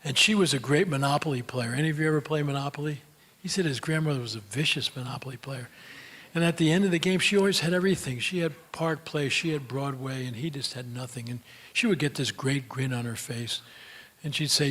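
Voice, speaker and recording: A man's voice: mid-range voice, fairly quick, fairly bright tone, breathy edge. Folksy older man telling stories. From United States. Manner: folksy, chatty, fillers like "you know". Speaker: speaker. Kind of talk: storytelling talk and Q&A answers.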